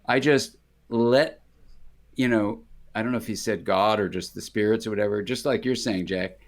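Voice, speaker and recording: Speaking on the low side, a little fast and creaky, the older American psychiatrist is a guest in an interview. His relaxed anecdotes meander with plenty of restarts, and he acts out others' voices.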